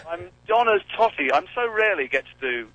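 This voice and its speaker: A man's voice: sits high, expressive, fast, lo-fi sound, a crowd in the background. Wry Englishman calling in by phone. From England. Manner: wry, self-mocking, joking. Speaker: celebrity caller. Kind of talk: casual phone-in chat. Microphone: phone while driving.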